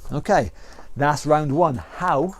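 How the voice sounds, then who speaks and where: Speaking slowly in a slightly high voice, a fitness instructor with a British accent runs an online exercise class, counting down each round and cheering on the moves he calls.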